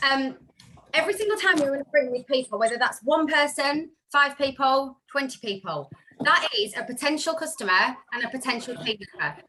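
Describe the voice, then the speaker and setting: A woman's voice: high voice, a little fast, a little hiss or hum. A woman speaking from home, casually sharing sales tips on a group call, chatty and full of asides. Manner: chatty, self-interrupting, animated storytelling. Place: home room.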